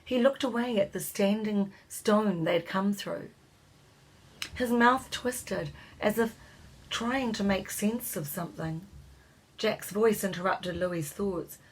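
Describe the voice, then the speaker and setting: Breathy woman reading a storybook. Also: medium pitch, slow pace, poor audio. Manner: gently lifts her voice for the characters' lines. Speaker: narrator.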